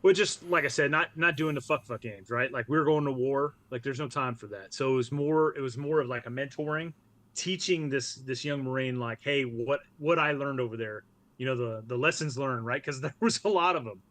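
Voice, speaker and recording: A man's voice: medium pitch, brisk, fairly bright tone, no room sound. A man, a military veteran, telling war stories as a podcast guest in a blunt, profane way. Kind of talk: casual podcast interview.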